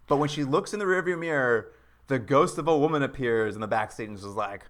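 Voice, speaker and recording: A man talks through a show's plot in casual comedic chat, his pitch swinging widely as he acts out the characters in mocking voices. His tone is bright and forward, and he laughs often as he retells it. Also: lively intonation, brisk. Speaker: podcast co-host.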